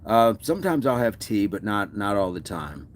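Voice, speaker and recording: A man's voice: fairly low pitch, sing-song, normal speed. A man hosting a fitness livestream, chatting casually and answering viewer comments with encouragement.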